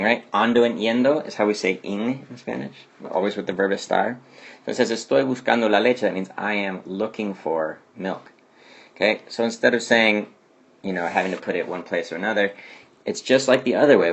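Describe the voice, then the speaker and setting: A man's voice: low-pitched, gravelly, husky. A man teaching a Spanish grammar lesson who explains patiently and keeps asking "okay?" to check understanding.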